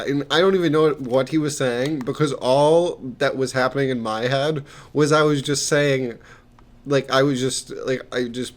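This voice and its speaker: A man's voice: mid-range voice, moderate pace. A young man casually telling rambling stories about his job as a peer mentor, with many restarts and fillers, swearing here and there. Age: young adult.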